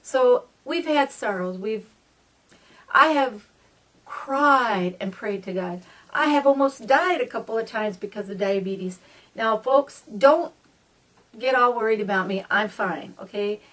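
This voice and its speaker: A middle-aged woman vlogger tells personal stories to her viewers in a chatty, earnest monologue, often calling them folks. Her voice is on the high side, expressive and a little slow, with a fairly bright tone. She sounds a bit distant from the mic.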